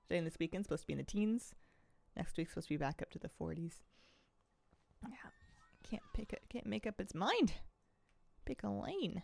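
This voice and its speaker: A woman's voice: on the low side, creaky, dry recording. A woman from the Pacific Northwest streaming a game, chatting casually and rambling, with a slight lisp and frequent sighs. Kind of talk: casual chat while gaming.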